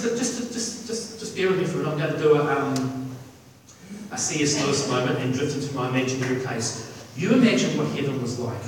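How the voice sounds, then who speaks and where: A man's voice: mid-range voice, slight background noise. A man preaching a sermon with enthusiasm, repeating words and restarting phrases often. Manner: enthusiastic, repetitive, lots of restarts and fillers. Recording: echoey hall from far off with faint ambience.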